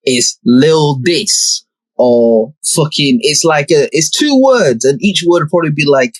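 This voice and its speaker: A man's voice: fairly high pitch, expressive, measured pace, no room sound, low-quality recording. A young man, hosting a podcast and telling a story in a laid-back, slangy way with plenty of swearing. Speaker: podcast host. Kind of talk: casual storytelling.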